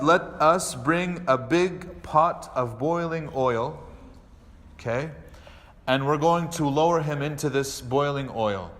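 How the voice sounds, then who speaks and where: An imam gives a lecture in a mosque, telling a story in a voice a bit high for a man. He animatedly acts out what each character says, while the hall lends a long, lingering reverb.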